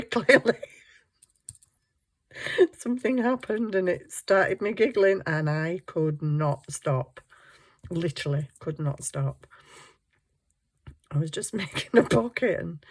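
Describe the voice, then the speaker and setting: Slow-talking giggly woman. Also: fairly low pitch. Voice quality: ditzy, giggly, talks to herself. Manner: rambling, mutters while searching desk. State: tired. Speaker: craft vlogger. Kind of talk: casual crafting chat. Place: home craft desk.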